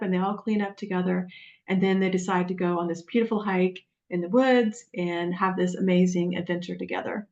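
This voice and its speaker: A woman coach telling client stories on a webinar, animated and acting out the voices of the people she quotes. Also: lowish voice, moderate pace. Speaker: guest coach. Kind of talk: storytelling on a webinar. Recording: dull, lo-fi webinar audio.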